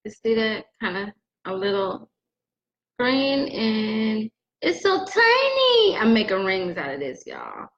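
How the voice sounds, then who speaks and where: A woman's voice: on the high side, huge pitch swings, slow, fairly bright tone, roomy sound. A middle-aged woman teaching crystals in a casual video, joking and chatting straight to her viewers. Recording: dull lo-fi sound.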